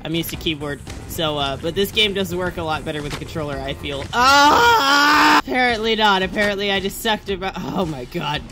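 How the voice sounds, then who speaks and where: Young guy doing a let's play, keeps yelping and yelling at the game, mocks himself, music going in the background. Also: fairly high pitch, quick pace, hardly any pauses. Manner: excitable, frequent yelps and frustrated screams; self-mocking rants between outbursts. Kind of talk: gameplay commentary.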